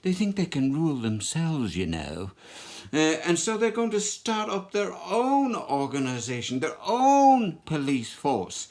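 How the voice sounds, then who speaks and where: A man's voice: on the high side, sing-song, unhurried, a little mellow, voice pushed up. A man playing a chatty, mocking male policeman with a London accent, in a comic costumed history act for children. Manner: chatty, mocking, stumbling over words.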